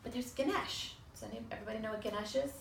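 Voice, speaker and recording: A woman telling a lively personal story to a small audience, acting out other people's voices and swearing casually. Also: on the high side, very fast, gravelly. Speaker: storyteller on a talk show. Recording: roomy sound from a distance with faint noise.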